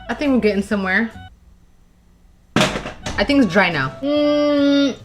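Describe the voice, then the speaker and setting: Animated young woman vlogging while crafting. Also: fairly high pitch, unhurried, soft background music. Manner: chatty, animated, talks to herself and viewers. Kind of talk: casual chat while crafting.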